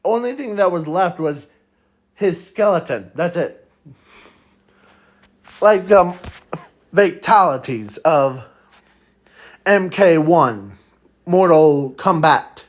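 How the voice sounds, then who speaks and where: Very slow, rambling male storyteller. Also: fairly high pitch, lively intonation, rough recording. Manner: rambling and halting, trailing off with frequent fillers. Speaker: fan storyteller. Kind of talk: improvised fan story narration.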